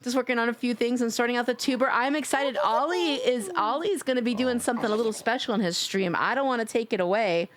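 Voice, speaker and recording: A woman's voice: fairly high pitch, fast talker, few pauses. A woman live-streaming, chatting casually with her viewers, gushing and playful as she reads chat aloud.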